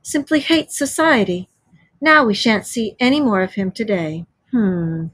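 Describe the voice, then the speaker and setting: Lady reading a chatty cheery storybook water rat, bit husky, dry close sound. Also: medium pitch, lively intonation, unhurried, a bit bright, dry recording.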